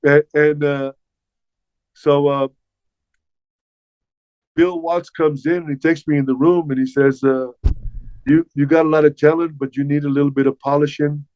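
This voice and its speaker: A man's voice: on the high side, normal speed, pauses often, clean tone, no room sound. Older guy telling old wrestling-days stories, stumbles and repeats himself, muffled dry sound. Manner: animated, repeats words while recounting past dialogue. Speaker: interview guest, former wrestler. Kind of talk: casual storytelling.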